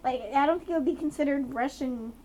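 A woman's voice: high-pitched, fast, warm tone. A woman with a slight Southern accent, rambling chattily with fillers while recapping a TV episode as a podcast co-host. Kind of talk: casual chat recapping a TV episode.

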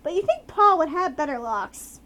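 High-voiced chatty woman, slight Southern accent. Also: sing-song, moderate pace, fairly bright tone. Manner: chatty, rambling, many fillers and laughs. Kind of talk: casual chat recapping a TV episode.

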